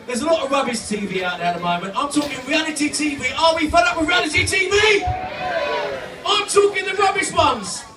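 A man doing live stand-up comedy, loud and punchy, shouting to reach the crowd. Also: very high-pitched, lively intonation, fairly quick, noisy background. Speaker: comedian and impressionist. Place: holiday park entertainment stage. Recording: echoey room, from far off, music and crowd.

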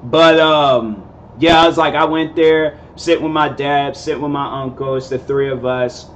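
A man's voice: a little high, steady tone, a little slow, slight background noise. A young man in his twenties telling a rambling, casual story, full of fillers and laid-back slang. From Seattle area, USA. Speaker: vlogger host.

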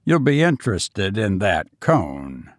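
A man voicing a menacing ironworks master who talks forcefully and at length in a low, brooding voice. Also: sing-song, slow pace, no room sound, studio quality. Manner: forceful, loquacious showman.

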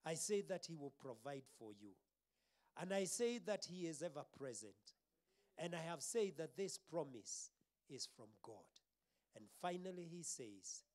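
A man's voice: fairly high pitch, darkish tone. A man with a Kenyan accent preaching a sermon, building emphasis through repeated phrases and sometimes dropping almost to a whisper. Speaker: pastor.

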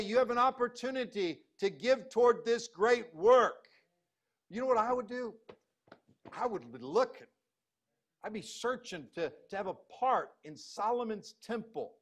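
High-voiced preaching man, emphatic. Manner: emphatic, swings between loud bursts and low hushed reading. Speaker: pastor. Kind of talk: sermon.

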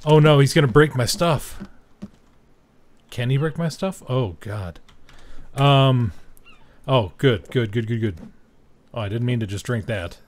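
A young man casually commenting on his own gameplay, joking, talking to the game's characters and yelling when startled. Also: medium pitch, measured pace, long pauses. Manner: chatty, jokey, talks to the game's characters; reacts loudly and shrieks when startled. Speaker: gaming video host. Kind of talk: casual let's-play commentary.

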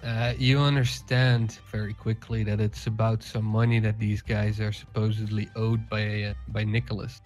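A man narrating a tabletop game as game master, relaxed and hesitant with fillers. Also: fairly low pitch, normal speed, few pauses, soft background music.

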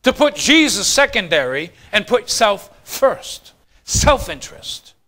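A man preaching a sermon as pastor, swinging from quiet, low lines to fast, loud bursts. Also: very animated.

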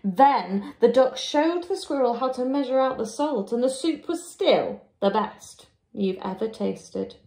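A woman reads a children's storybook aloud, slow and deliberate. Her voice sits fairly high with a gravelly edge. She draws the words out expressively. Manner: expressive, drawn-out, lively character voices. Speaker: teacher reading a picture book.

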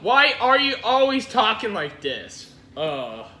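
A man's voice: high voice, wildly swooping pitch, slow pace, pushed and bright. A man hosting a reaction video, teasing and giggling in casual commentary. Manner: teasing, giggly, jumps between mock voices.

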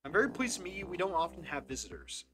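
A streamer reading a quiet, polite steward. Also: mid-range voice, wildly swooping pitch, fast talker, over music. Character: prim, courteous castle steward. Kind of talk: reading game dialogue aloud.

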